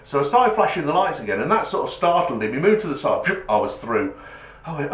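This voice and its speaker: A middle-aged man telling a comic anecdote in an animated, self-mocking way. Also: a little high, fairly quick. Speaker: storyteller, test driver. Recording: roomy echo.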